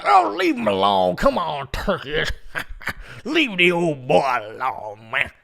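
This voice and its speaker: A man's voice: sits high, big pitch swings, takes it slowly, creaky, fairly bright tone, exaggerated voice. A man voicing an amused, laid-back older male farmer who drawls and chuckles.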